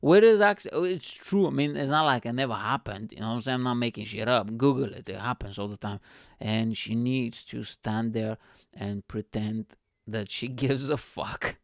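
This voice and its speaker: A man's voice: mid-range voice, moderate pace, dry recording, studio quality. A man hosting his own comedy show, rambling through profane, self-mocking asides. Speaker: comedian and podcast host. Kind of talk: casual comedy monologue. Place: at home.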